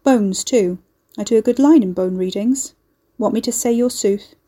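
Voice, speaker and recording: Woman voicing a sarcastic male soothsayer, teasing, blunt, mellow. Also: on the high side, moderate pace, close to an everyday voice. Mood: mocking. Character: shifty sarcastic male soothsayer, gruff and cocky. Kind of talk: audiobook character voice.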